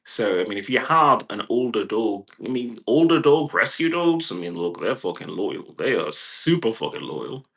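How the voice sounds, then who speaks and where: Guy venting at home, bright tone, swears a lot, rambles. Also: lowish voice, moderate pace, hardly any pauses. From California. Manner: profane, rambling, animated quoted voices. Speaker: vlogger. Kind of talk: casual ranting vlog. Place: indoors at home with a puppy.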